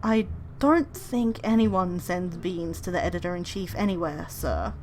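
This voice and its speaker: A woman voicing a deferential male bird assistant from a game, speaking softly and drily to his boss. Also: lowish voice, measured pace, slight background noise, voice pushed down, lightly acted. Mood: deadpan.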